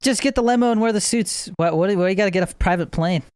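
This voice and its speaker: A man co-hosting a podcast, chatting casually and cutting in with quick questions. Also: high-pitched, darkish tone, smooth, dry recording, clean studio sound. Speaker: podcast co-host. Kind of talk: casual chat.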